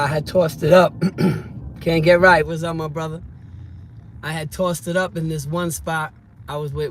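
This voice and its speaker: A man spins a loose, slangy story, sometimes getting loud and heated. His voice sits a little high for a man. Loud car and street noise runs under everything. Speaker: vlogger telling stories.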